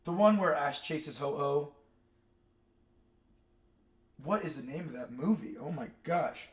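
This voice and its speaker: This young streamer, who is ranking cartoon characters, talks in a slightly high, animated voice at a normal pace. The chat is casual, and his stories wander off on tangents, stuffed with fillers.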